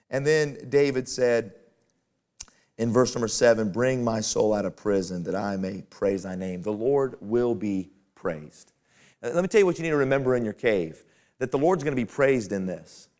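A man preaching a sermon to fellow pastors in a folksy, conversational way that climbs to emphatic peaks. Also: fairly high pitch.

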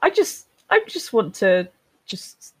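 A woman's voice: mid-range voice, sing-song, slow, a little mellow, husky. A woman playing a tabletop role-playing game, talking casually and hesitantly with many fillers. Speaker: player.

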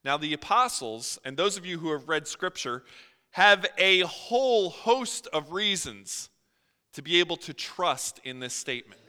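Male preacher, high and very bright voice, smooth and resonant, earnest sermon delivery with rises and drops, reverberant church hall. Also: lively intonation, measured pace. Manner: earnest, voice swells and drops for emphasis.

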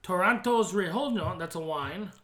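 A man's voice: sits high, normal speed, fairly bright tone. A man co-hosting a podcast in casual, crude, joking banter with a friend. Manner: joking, crude, talks over others. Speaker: podcast co-host.

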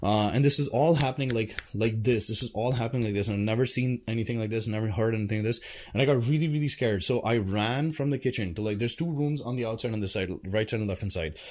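A man's voice: on the low side, fast talker, a little mellow, a little hiss or hum. A man telling a personal story to his viewers in a loose, rambling way, swearing often and full of fillers and restarts. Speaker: vlogger. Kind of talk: casual storytelling to camera.

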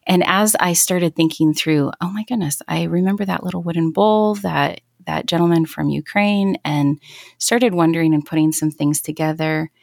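A woman's voice: sits low, fairly even intonation, moderate pace, vocal fry, darkish tone, no echo, studio quality. A woman in her thirties sharing a personal faith story in an interview, earnest and reflective, often restarting her sentences. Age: 30s. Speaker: guest.

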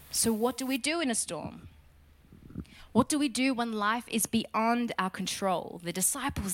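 A woman preaching a sermon with emphatic teaching rhythm, putting questions to her listeners. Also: on the high side.

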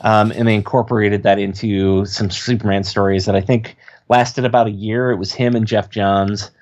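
Relaxed low-voiced man chatting. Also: moderate pace. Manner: relaxed, rambling, lots of fillers. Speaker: podcast co-host. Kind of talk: casual chat.

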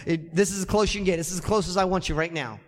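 Man, pastor, emphatic sermon, repeats key lines, high voice, echoing church hall. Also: rapid-fire. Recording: long reverb of a church hall.

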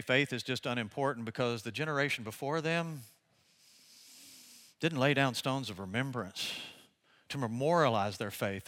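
An older man, a pastor, preaching a conversational sermon and telling animated stories with laughter. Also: medium pitch.

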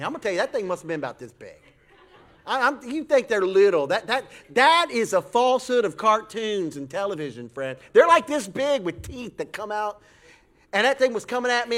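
A man preaching a sermon, telling a folksy story with animated voices for the people in it. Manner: folksy, animated storytelling with acted high-pitched quotes. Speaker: pastor.

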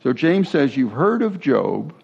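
A man's voice: medium pitch, sing-song, a little slow, gravelly, a little mellow, husky, highs cut off. A man giving a sermon as a pastor, talking in a conversational way with asides and restarts.

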